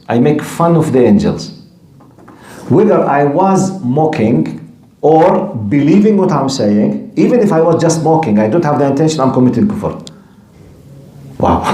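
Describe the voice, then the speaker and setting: A man's voice: mid-range voice, dark tone, reverberant. Emphatic man giving a religious lecture. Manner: switches between quoted Arabic and English explanation, emphatic and repetitive. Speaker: Islamic teacher.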